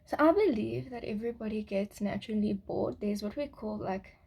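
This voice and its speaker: A woman's voice: mid-range voice, a little fast, vocal fry, mellow, breathy edge. A woman rambling through a casual spiritual vlog monologue, giggling often and swearing casually. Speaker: spiritual vlogger.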